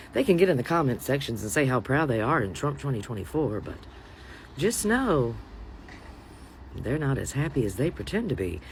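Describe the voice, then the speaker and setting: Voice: medium pitch, slight background noise. A commentator talking in a mocking, taunting way. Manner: sarcastic, taunting.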